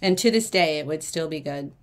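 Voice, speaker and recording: A woman's voice: deep voice, fairly quick. Woman, live-auction host, casual chat, storyteller who acts out quotes, mutters asides. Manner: chatty, acts out quoted people in a lively way. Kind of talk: live shopping stream, chatty.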